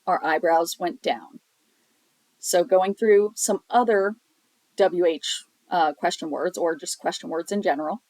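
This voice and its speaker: A woman teaching a sign language lesson, explaining step by step in a patient, plain way, often pausing on um. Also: on the low side, a little mellow, dry recording, poor audio. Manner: patient, explanatory, with frequent um fillers. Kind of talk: recorded classroom lesson.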